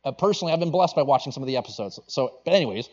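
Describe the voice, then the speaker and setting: Animated male preacher telling a story. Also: medium pitch, very fast, highs cut off. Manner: animated storytelling that acts out quotes. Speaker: pastor. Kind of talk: sermon storytelling.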